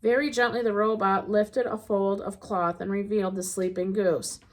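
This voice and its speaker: A woman narrating a children's storybook aloud in an expressive, gentle reading voice. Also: medium pitch, normal speed.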